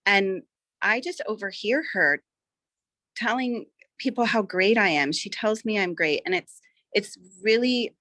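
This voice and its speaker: Bright, earnest mother telling her story. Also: medium pitch, no room sound. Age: adult, mother of schoolchildren. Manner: earnest, rambling with restarts. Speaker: farmer, coaching student. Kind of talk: casual personal testimonial.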